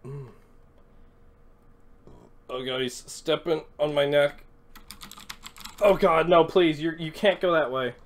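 A woman's voice: sits low, takes it slowly, pauses often, slight background noise. A woman chatting casually on a live game stream, cooing and fretting over her cat while she plays. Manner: animated, coos and frets over a cat.

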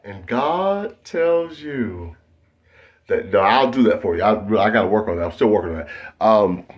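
Husky man rambling through comedy bits. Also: fairly low pitch, animated, normal speed, highs cut off. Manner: loose, self-interrupting, many fillers and restarts. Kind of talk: rambling stand-up monologue to camera.

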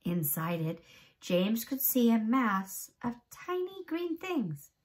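A young adult woman teacher reading a chapter book aloud to her pupils in an expressive storytelling voice, then chatting to them with questions. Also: a little high, slow pace.

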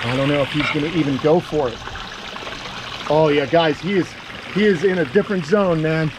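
A man vlogging outdoors, coaxing a big lizard along in a sing-song voice and talking excitedly to his viewers. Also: on the high side, moderate pace, noisy background. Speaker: reptile keeper vlogger. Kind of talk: excited outdoor vlog narration. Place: outdoors on a property.

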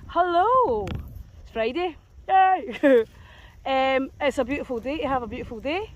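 A woman's voice: sits high, animated, unhurried, lo-fi sound. Chatty Scottish woman walking dogs. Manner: chatty and playful, talking to the dogs as she films. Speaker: dog walker. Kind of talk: casual vlog chat. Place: outdoors in a grassy field.

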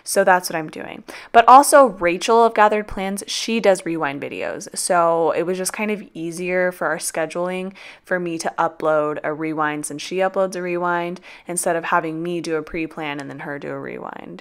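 A woman talks through a casual vlog voiceover. Her voice sits on the low side and sounds groggy, as she has just woken up. She is chatty and loose, saying y'all and dropping the occasional swear word. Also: normal speed, clear, resonant tone. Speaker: planner vlogger.

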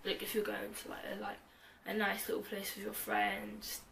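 A woman's voice: medium pitch, monotone, moderate pace, vocal fry, fairly bright tone, a little hiss or hum. A woman chatting through a clothing try-on haul at home, rambling and joking at herself, full of "like". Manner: bubbly, rambling, self-mocking, heavy use of "like". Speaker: fashion vlogger.

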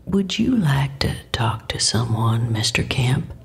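A woman voicing a gentle, tentative male hospital nurse who speaks softly. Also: extremely low pitch, big pitch swings, slow, slightly rough, pitched below the performer's own voice, heavily acted. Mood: cautious.

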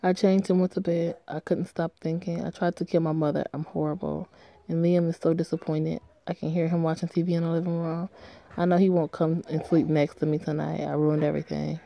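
A woman reading aloud as a troubled young woman who blames herself, in a flat, low-key way. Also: fairly quick, creaky, muffled recording. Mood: despairing. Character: troubled young woman, despairing and self-blaming. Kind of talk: reading a story game aloud.

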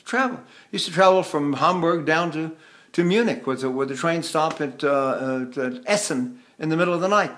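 An older voice teacher from the United States talks through singing technique in a high, bright voice. He rambles and restarts, now and then breaking into sung vowels to show what he means. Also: expressive, normal speed. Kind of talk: vocal lesson with sung demonstrations.

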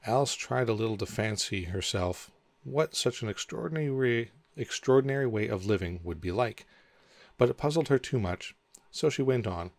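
A man reads a storybook aloud in a measured, plain way. His voice is low and gravelly, and the recording is close and dry. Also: no echo. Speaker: audiobook narrator. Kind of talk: scripted storybook narration.

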